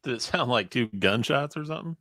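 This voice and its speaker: A man's voice: mid-range voice, lively intonation, brisk, fairly bright tone, no echo, clean studio sound. A man co-hosting a casual podcast, chiming in with short laughing reactions. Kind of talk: casual chat.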